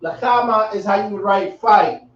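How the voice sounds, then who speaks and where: A man's voice: sits high, normal speed. Slangy man teaching across an echoey room. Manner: relaxed, slangy, repeats himself. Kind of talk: casual classroom teaching. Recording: echoey, distant, dull room sound.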